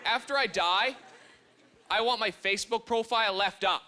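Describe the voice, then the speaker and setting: A young man does dark stand-up on a club stage with a handheld mic. His voice sits very high for a man, and his delivery is wry and punchy. The club's noise is clearly heard around him. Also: normal speed. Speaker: stand-up comedian. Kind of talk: stand-up comedy set. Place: comedy club stage with a live audience. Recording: audience ambience with noise.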